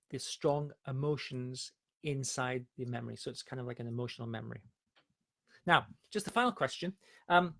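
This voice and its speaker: Gravelly man coaching on anxiety. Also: mid-range voice, fairly bright tone, no room sound. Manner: explanatory, tells parables with acted quotes. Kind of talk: live-streamed Q&A talk.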